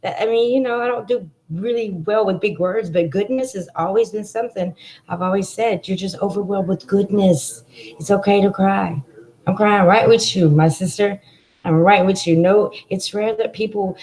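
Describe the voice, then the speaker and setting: A woman's voice: mid-range voice, warm tone, rough recording. Fields: Sex: woman. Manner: effusive, heartfelt. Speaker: livestream host. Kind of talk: emotional live chat.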